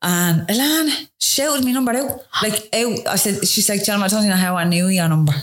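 A young woman with a Dublin accent, telling her story in a chatty, casual way with quick, laughing asides. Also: medium pitch. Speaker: interview guest.

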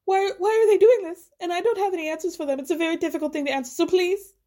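Woman imitating a theatrical celebrity mother with a put-on Spanish accent; high, loud, pleading. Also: fast.

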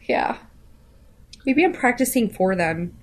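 Slow-talking, giggly woman co-host. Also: on the high side, a little hiss or hum. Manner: giggly, playful quips. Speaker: podcast co-host. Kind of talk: casual chat.

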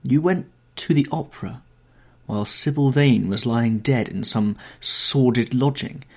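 A man's voice: mid-range voice, sing-song, normal speed, darkish tone, husky. A man voicing an anguished older painter. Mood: reproachful. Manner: pleading, reproachful.

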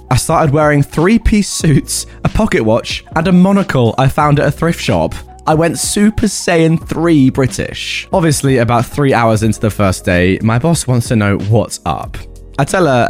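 A man hosting a channel, reading stories aloud and joking about them afterward in a lively way. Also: a little high, moderate pace, soft background music. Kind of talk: storytelling narration with commentary.

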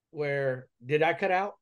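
An earnest man tells his own story in a loose, rambling way, full of "uh", "like" and "man", often restarting his sentences. His voice sits a bit high for a man. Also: clean tone, lo-fi sound. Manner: earnest, rambling, heavy fillers and restarts, says "man" and "dude". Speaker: interview guest. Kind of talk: casual personal storytelling.

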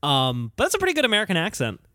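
A man co-hosting a casual comedy music podcast, joking and talking in quick animated bursts. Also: high-pitched, dry recording, clean studio sound. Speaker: podcast co-host.

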